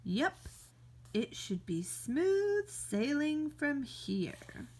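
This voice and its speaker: A woman's voice: high-pitched, sing-song, very slow, heavily acted. A woman teacher reading aloud, voicing a carefree, reckless young male bird with a breezy, teasing manner.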